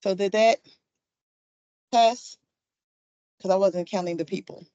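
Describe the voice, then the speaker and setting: A woman's voice: mid-range voice, fairly even intonation, a little slow, dark tone, no echo, lo-fi sound. A woman chairing a commission meeting, calling roll in an informal, upbeat way with plenty of fillers. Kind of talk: running a meeting roll call.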